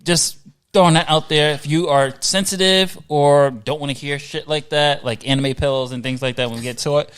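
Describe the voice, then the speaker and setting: A man's voice: on the high side, steady tone, moderate pace, a bit bright, clear, resonant tone. A man hosting a podcast in casual chat, rambling along and restarting his sentences. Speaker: podcast host.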